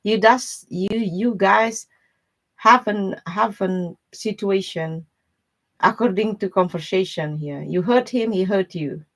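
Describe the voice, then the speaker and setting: A woman's voice: mid-range voice, takes it slowly. A woman giving a casual live-stream tarot reading, talking bluntly in loose, broken grammar and laughing often. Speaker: tarot reader.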